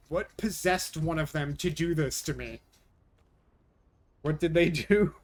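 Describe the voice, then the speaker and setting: A young man chatting casually on a live stream, his voice sitting a bit high for a man. He vents with exasperation and frequent swearing while answering his viewers' comments.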